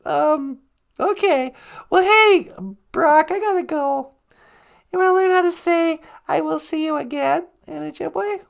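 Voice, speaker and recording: A woman hosting a comedy podcast, chatting playfully and giggly, and slowly explaining words. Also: sits high, creaky. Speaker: podcast host. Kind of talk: comedic casual chat.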